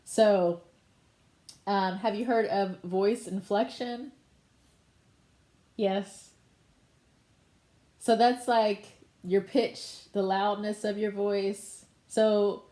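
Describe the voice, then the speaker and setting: A woman's voice: mid-range voice, mellow, echoey room. A woman teacher patiently explaining voiceover delivery in a conversational online lesson.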